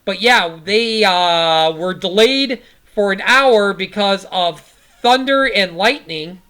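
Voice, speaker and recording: A woman's voice: medium pitch, takes it slowly, a bit bright, a little hiss or hum. A woman around forty, hosting a casual sports podcast and recapping football in a rambling way, full of fillers.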